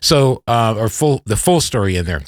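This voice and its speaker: A man in his fifties hosting a podcast, telling a personal story in a rambling, animated way with frequent restarts. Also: medium pitch, moderate pace, no room sound, clean studio sound. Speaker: podcast host. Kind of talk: casual storytelling interview.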